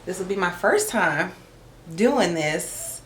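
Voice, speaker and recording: A woman's voice: on the low side, expressive, slow pace. A young woman, a lash artist chatting casually to camera in a vlog and calling her viewers y'all. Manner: chatty and self-teasing, calls viewers y'all. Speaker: licensed esthetician and lash artist. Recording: echoey room with faint music.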